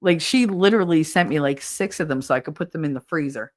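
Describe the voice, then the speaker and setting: Lower-voiced New Jersey woman, animated. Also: fast. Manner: animated, exasperated, swears freely. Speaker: podcast host reading live chat. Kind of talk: casual chat.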